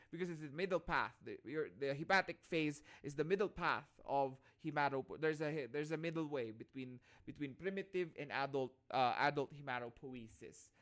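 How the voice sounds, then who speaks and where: A man with a Filipino accent teaching a class over a video call, his voice sitting a little high for a man. He keeps checking that his students follow, often repeating and restarting phrases as he explains. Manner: checks in constantly with "all right?". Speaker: lecturer. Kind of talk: online class lecture.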